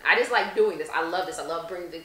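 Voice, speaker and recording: A woman actress talking in a casual interview, reflective and animated when telling stories. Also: lowish voice, quick pace, roomy sound, poor audio. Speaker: actress guest.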